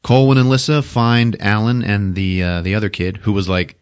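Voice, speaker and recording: A man hosting a podcast, recapping a movie with lots of swearing and laughter, jumping into loud shouted character voices. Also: fairly low pitch, level tone, moderate pace, smooth. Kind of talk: animated comedic movie recap.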